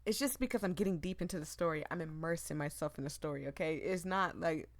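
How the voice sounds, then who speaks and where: A woman gaming streamer reading a visual novel aloud and commenting, emotive and immersed, with nervous laughs and rushed asides. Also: low-pitched, dry recording.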